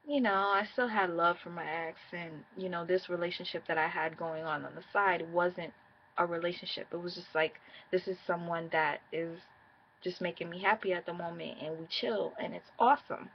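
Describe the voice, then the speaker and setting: A woman's voice: fairly low pitch, fairly even intonation, moderate pace, dull audio, slight background noise. A woman telling a personal breakup story in a casual, candid, profane way, speaking straight to her viewers.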